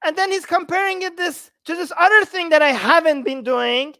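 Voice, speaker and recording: Host: high-pitched man, dry close sound, heated ranting livestream reaction. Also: steady tone, moderate pace, pushed and bright, no room sound. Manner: heated, ranting with rhetorical questions. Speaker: channel host.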